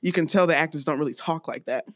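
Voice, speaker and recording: A woman's voice: low voice, fast, no echo, clean studio sound. A woman from the US South co-hosting a podcast, reviewing a movie in casual chat and laughing often. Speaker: podcast co-host.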